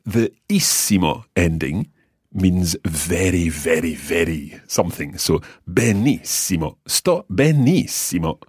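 A man hosting a language lesson, patiently explaining and modelling words slowly for the listener to repeat. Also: low-pitched, slightly rough, dry recording, clean studio sound. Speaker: language teacher and host.

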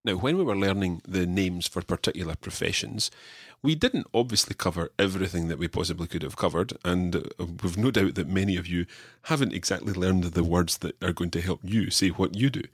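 Low husky male language teacher. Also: brisk, dry recording, clean studio sound. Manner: clear, drills learner with repetition. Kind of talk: podcast language lesson.

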